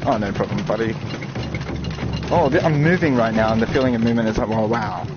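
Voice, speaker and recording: A man from Australia, rambling through jokey live commentary while playing a VR game, breaking into loud yelps. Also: mid-range voice, fast talker. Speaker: VR game streamer. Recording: dull lo-fi audio with loud game music.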